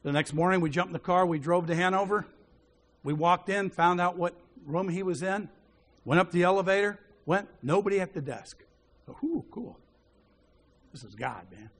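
A man preaching a sermon, telling a story and acting out the voices in it, dropping to a hushed voice when he quotes a prayer. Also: sits high, normal speed. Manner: animated storyteller who acts out the dialogue.

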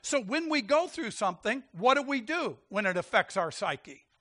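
Animated, high-voiced male preacher. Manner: animated, quick to laugh, calls out to the congregation. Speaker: pastor. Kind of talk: sermon.

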